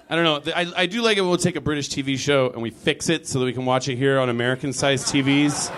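A man's voice: on the high side, background noise. A man doing a stand-up comedy set on a club stage in a rambling, wry, self-deprecating way. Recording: live club with audience laughter.

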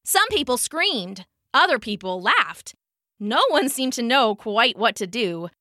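Female storyteller, children's read-aloud, bright and lively, dry close sound. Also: fairly high pitch, measured pace, dry recording. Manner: animated, expressive reading with sound-effect words.

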